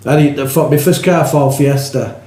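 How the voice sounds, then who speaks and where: A man's voice: medium pitch, moderate pace, dark tone. A man with a Bolton accent, a musician guest telling stories in a casual chat, swearing freely and laughing as he talks. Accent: Bolton, Lancashire. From England. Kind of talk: casual pub-style chat. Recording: roomy echo, faint background noise.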